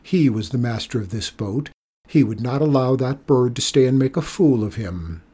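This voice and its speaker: A man reading a children's storybook aloud in a steady, measured way. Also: mid-range voice, breathy edge. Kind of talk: storybook read-aloud narration.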